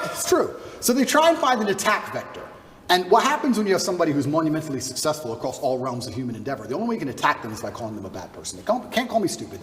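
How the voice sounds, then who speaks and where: A high-pitched man talks at a rapid clip, his pitch swinging widely as he pushes his points with combative repetition. He sounds set back from the mic in a reverberant room with a faint hiss underneath. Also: far from the mic. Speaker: guest. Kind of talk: interview answers.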